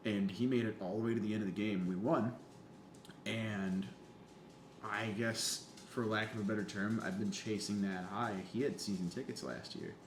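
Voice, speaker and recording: A man's voice: fairly low pitch, steady tone, moderate pace. A young man telling a story in casual chat, swearing freely and acting out the people he quotes. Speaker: podcast guest. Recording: echoey room with faint hum.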